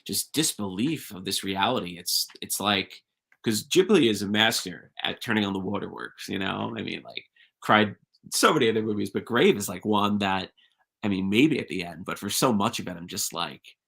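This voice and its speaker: A young man guesting on a podcast, talking loosely and looping back over his words with lots of "um"s and "like"s. His voice sits low but sounds bright and forceful, and he chats in a relaxed, unscripted way. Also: moderate pace, creaky, breathy edge. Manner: rambling, with many fillers and restarts. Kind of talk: casual chat.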